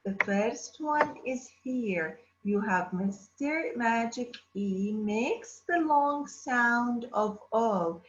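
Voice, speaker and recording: A woman teaching an English lesson to children, drawing out words slowly and asking the class questions. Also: a little high, expressive, noisy background. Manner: slow, drawn-out words, addressing children. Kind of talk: distance-learning phonics lesson. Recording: roomy, dull lo-fi sound.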